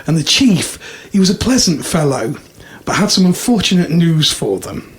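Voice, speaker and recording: A man's voice: a little high, big pitch swings, moderate pace. A man co-hosting a podcast, chatting casually and telling jokes in a playful manner, often laughing. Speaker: podcast co-host. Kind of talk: casual chat and joke-telling. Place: room in a club. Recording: roomy echo, faint noise.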